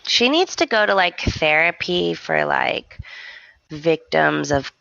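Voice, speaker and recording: A woman's voice: lowish voice, sing-song, slow, vocal fry, fairly bright tone, no room sound, lo-fi sound. A woman co-hosting a podcast, reacting to her co-host's recap with short comments and laughs in casual chat. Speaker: podcast co-host.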